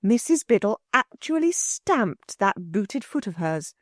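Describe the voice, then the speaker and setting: A woman narrating an audiobook in an expressive storytelling manner. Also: mid-range voice, unhurried, dry recording, clean studio sound. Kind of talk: scripted narration.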